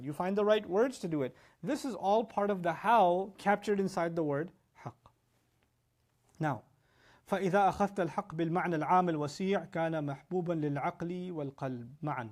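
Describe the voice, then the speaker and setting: A middle-aged man giving an animated religious lecture, acting out quoted exchanges as he goes. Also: high-pitched. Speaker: Islamic lecturer.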